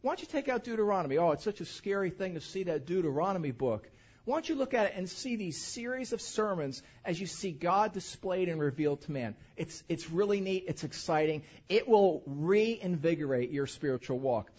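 A man preaching with a high-pitched, animated voice, pressing hard on the words he reads from scripture. The recording sounds somewhat dull and lo-fi. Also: a little fast, slightly rough. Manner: animated, enthusiastic, emphatic reading. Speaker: pastor. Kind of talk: sermon with scripture reading.

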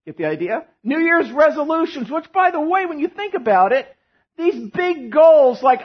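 A man preaching a sermon as pastor, animated and joking, telling stories to his church. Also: very high voice, moderate pace, lo-fi sound. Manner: animated, joking storyteller who drops to a hushed tone in prayer.

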